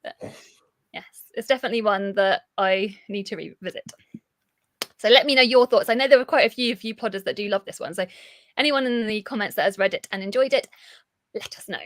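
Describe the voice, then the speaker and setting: A woman co-hosts a live book chat on a stream, speaking fairly quickly at a medium pitch, laughing often and restarting her sentences in a chatty, giggly way. The studio recording is clean with no echo.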